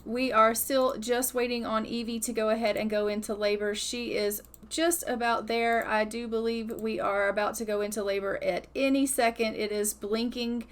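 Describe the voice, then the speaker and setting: A woman's voice: on the high side, fairly even intonation, normal speed. A young adult woman giving casual, chatty commentary as she plays a life-simulation game. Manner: chatty, storytelling, upbeat. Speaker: gaming YouTuber.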